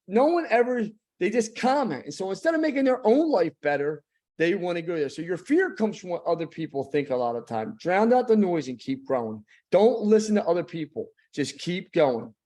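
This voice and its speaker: A middle-aged man speaking with a slightly high pitch and a mellow, relaxed tone. He gives a motivational talk on leadership as a business owner, emphatic and repetitive, building intensity as he tells his story.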